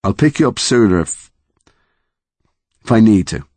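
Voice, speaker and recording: A man doing a worn-out father in a storybook, quiet and firm, a husky voice that rises and falls a lot, dry close recording. Sounds drained but steady. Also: fairly low pitch, measured pace, dry recording, pitched above the performer's own voice. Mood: weary.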